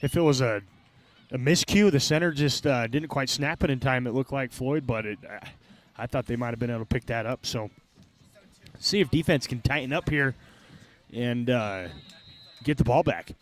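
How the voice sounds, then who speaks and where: A color commentator from Arizona, laid back and analytical. He walks through blocking schemes and play concepts in an easygoing, mid-pitched voice. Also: normal speed. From Heber, Arizona.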